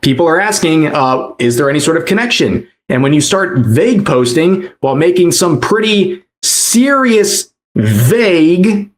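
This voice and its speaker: Measured male drama commentator. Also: a little high, big pitch swings. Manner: measured, explanatory, repeats key points. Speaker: commentary narrator.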